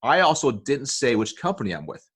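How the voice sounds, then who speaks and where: A man with a husky, slightly breathy voice sits at middle pitch as he explains sales tactics in an interview. He keeps checking in with his listener, tagging "okay?" and "right?" onto his points. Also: big pitch swings, brisk, fairly bright tone. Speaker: sales coach guest.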